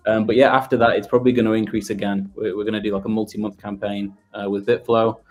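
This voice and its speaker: A man, a guest on a casual audio chat, talking in a relaxed way with many fillers. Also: fairly low pitch, fast, faint music behind. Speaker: guest from a project team.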